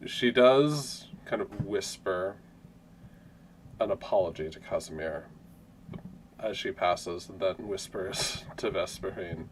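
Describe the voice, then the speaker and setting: A man's voice: deep voice, takes it slowly, pauses often, slight background noise. A man running a tabletop game as game master, narrating casually with hedges.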